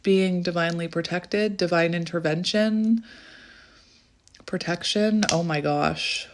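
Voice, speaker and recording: A woman giving a channelled tarot reading in a chatty way, often breaking into excited exclamations. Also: fairly low pitch, measured pace, a little hiss or hum. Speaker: tarot reader.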